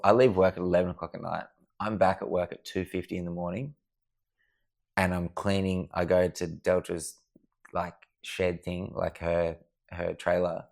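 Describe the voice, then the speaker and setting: Man, deep voice, gravelly, casual swearing storyteller. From Australia. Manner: sweary, rambling anecdotes. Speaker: podcast guest. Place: house at night.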